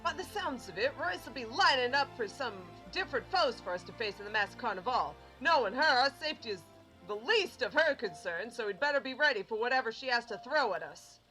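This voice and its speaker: A shrewd, cheerful ringmaster, as a woman puts him on, chatty and wry, with a bright, slightly high voice. He sounds like he's letting you in on a scheme. The lines are read from a game story. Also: animated, brisk, faint music behind, low-quality recording.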